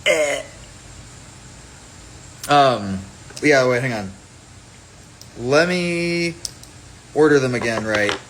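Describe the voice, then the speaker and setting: A man's voice: medium pitch, animated, slow, long pauses, fairly bright tone, slight background noise, low-quality recording. A man chatting casually on a phone livestream about his own fragrance, rambling and playful as he jumps between topics.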